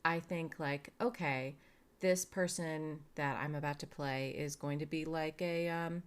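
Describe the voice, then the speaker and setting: A woman's voice: low-pitched, steady tone, unhurried, clear, resonant tone. A woman co-hosting a podcast in casual chat, reading out listener questions and chiming in. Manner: reads out listener questions, chatty. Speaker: podcast co-host.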